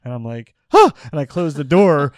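A man co-hosting a comedy podcast, telling a story in a casual, animated way, laughing and swearing as he goes. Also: a little high, fairly quick, no room sound. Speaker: podcast co-host.

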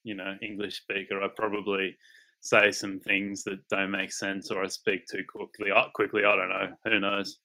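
A young Australian man co-hosting a podcast in a relaxed, joking way, often calling his co-host "mate". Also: sits low, normal speed, vocal fry, poor audio. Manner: laid-back, says "mate" often, jokey. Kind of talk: casual chat.

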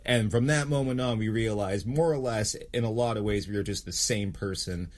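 A man's voice: on the low side, brisk. A man hosting a podcast in casual chat, swearing freely and laughing through rambling banter. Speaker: podcast host.

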